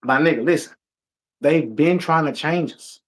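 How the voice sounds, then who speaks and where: A man's voice: fairly high pitch, moderate pace. A man co-hosting a casual talk show, ranting emphatically and swearing a lot. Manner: emphatic, profane, animated ranting. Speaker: podcast co-host. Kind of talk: heated casual discussion.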